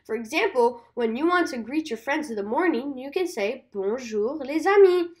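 A woman teaching simple phrases in an upbeat scripted lesson for kids, cheerful and deliberate, repeating words for listeners to say along. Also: high-pitched, lively intonation.

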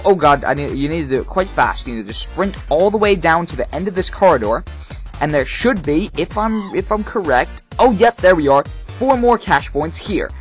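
Young man coaching a friend through a game. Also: fairly high pitch. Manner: coaching, goading, works up to frantic yelling. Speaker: gamer trolling a friend. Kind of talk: casual game chat over voice chat.

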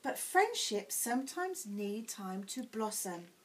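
A woman voicing a gentle, loving mother elephant for a storybook, speaking in a soft, soothing, reassuring way. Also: medium pitch, big pitch swings, slow. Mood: tender.

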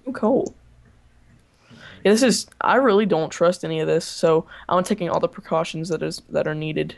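A man's voice: a little high, normal speed, gravelly. A young man chatting casually while playing a game with a friend, joking and suspicious of the game's traps. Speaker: co-player. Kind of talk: casual gameplay chat.

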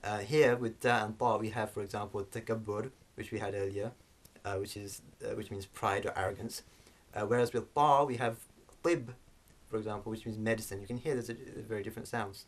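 A man teaching a language lesson, explaining sounds slowly with frequent fillers and restarts. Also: on the low side, steady tone.

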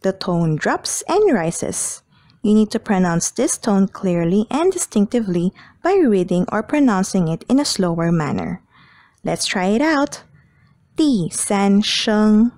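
A woman teaching Mandarin pronunciation in a slow, clear lesson style, drawing out each tone example. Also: mid-range voice, very animated, darkish tone, dry recording.

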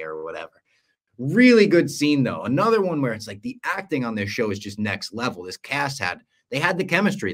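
A man hosting a podcast in casual chat, recapping a TV episode and acting out the lines he quotes. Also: mid-range voice. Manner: animated storyteller, acts out the lines he quotes. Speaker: podcast host.

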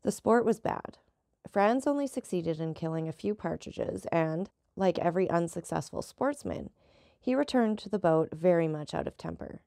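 A woman narrating a classic novel in a measured storytelling manner. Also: lowish voice, expressive, creaky, dark tone, no echo, clean studio sound. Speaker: audiobook narrator. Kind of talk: scripted narration.

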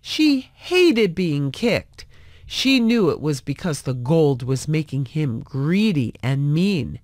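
A woman reading a fairy tale aloud as narrator, with a slow, clear and expressive delivery for English learners. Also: low voice, dry recording, clean studio sound. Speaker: storyteller.

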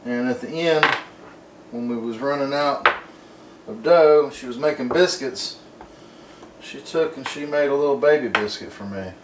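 A man's voice: mid-range voice, moderate pace, pauses often, background noise. A man, hosting a casual home cooking demonstration in an easygoing, folksy, rambling way. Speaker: cooking show host. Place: home kitchen. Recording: roomy kitchen, mic at a distance.

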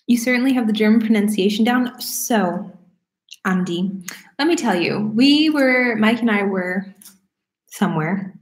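A young woman from Florida, casually answering viewer questions at home, chatty and animated, laughing often. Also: medium pitch. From Florida, United States. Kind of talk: casual Q&A chat. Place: room at home. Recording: roomy echo.

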